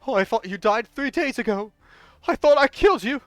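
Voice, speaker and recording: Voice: expressive, fairly quick, fairly bright tone, no echo, faint music behind, natural voice. A streamer reading a game story aloud live and voicing a terrified old male bishop who stammers and begs. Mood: horrified. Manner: shrill frantic pleading and stammering.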